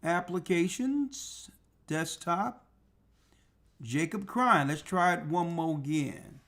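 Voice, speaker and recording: An online radio talk show host speaks slowly in an animated, fairly bright voice on the high side. It's casual livestream talk: he thinks aloud at his computer, unhurried, with religious exclamations scattered throughout.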